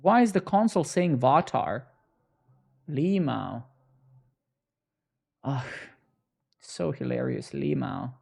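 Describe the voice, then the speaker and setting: A man's voice: mid-range voice, slow, creaky, pauses often, a little mellow. A young man live-coding on stream, bantering sarcastically and swearing at his chat as he works.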